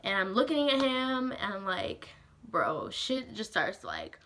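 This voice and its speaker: A young woman vlogger with a mid-range voice tells a story at an unhurried pace, and the recording is very noisy. Her delivery is animated, casual, slangy and profane, packed with "like".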